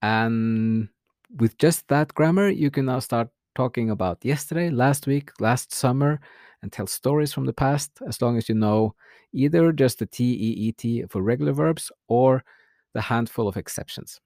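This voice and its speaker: A man teaching a language lesson, modelling example sentences slowly and clearly. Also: mid-range voice, a little mellow, no echo, studio quality.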